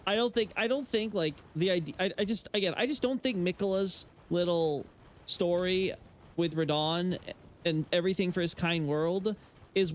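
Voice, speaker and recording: A man chatting casually about game lore while he plays on a stream, rambling with many fillers and restarts and giving blunt opinions. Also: sits high. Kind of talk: casual live-stream chat while playing.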